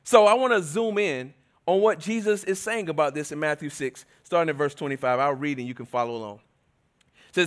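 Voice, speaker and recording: A man preaching a sermon at a church service, casual and conversational, swinging between forceful emphasis and quiet asides. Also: fairly high pitch, brisk. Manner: conversational and emphatic, often shifting between loud and soft.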